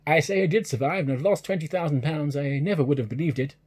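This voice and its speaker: Man doing a rueful old gentleman. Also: a little high, fast talker, lightly acted.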